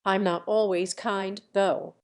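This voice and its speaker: A woman reading the part of a gentle, naive young man, mild and earnest, in an audiobook. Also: mid-range voice, fairly even intonation, slow pace, smooth.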